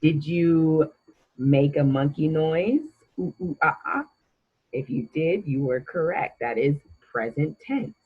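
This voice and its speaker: A woman's voice: low voice, expressive, slow pace, slightly rough, narrow, tinny audio. A woman teaching a grammar lesson to children, patient and encouraging as she quizzes the listener.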